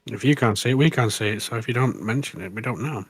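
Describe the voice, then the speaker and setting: A man's voice: mid-range voice, quick pace, slightly rough, faint music behind. A man chatting casually with a co-host, rambling through jokey asides. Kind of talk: casual banter.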